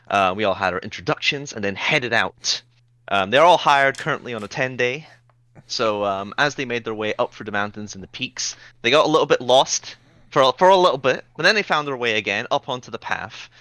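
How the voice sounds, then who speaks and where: A man's voice: medium pitch, fairly quick, bright, forceful tone, no echo. A man giving a rambling, casual recap of the last session of a tabletop game, with many ums.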